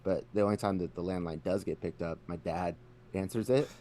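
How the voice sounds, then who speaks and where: Laid-back podcast guy, lowish voice, laughs a lot, a little hiss behind him. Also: steady tone, brisk, warm tone. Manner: laid-back storyteller, laughs often, slips into voices when quoting. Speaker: podcast co-host. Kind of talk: casual chat.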